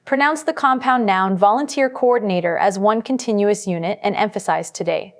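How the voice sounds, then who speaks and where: Recorded in a studio, this voice-over features a woman with a mid-range voice teaching a scripted test-prep lesson, her tone measured and instructional.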